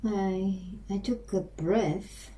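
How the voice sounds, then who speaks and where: A woman with a Korean accent practicing English on her own, haltingly repeating and restarting phrases. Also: mid-range voice, warm tone, low-quality recording. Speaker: language learner practicing English. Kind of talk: self-recorded English practice.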